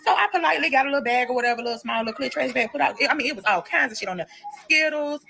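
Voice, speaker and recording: A young woman rattling through a storytime in a rapid, animated rush, her voice pitched a little high. She is blunt and profane and keeps turning to her listeners to call them y'all. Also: vocal fry. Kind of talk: casual storytime. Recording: played clip within livestream.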